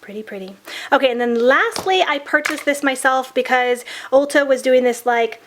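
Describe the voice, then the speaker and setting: A gushing beauty vlogger, a woman whose voice sounds a bit sick. She talks softly and chattily in a slightly high register, cooing over products in a casual review. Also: moderate pace, a little hiss or hum. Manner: gushing, chatty, soft-spoken. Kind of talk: casual makeup review vlog.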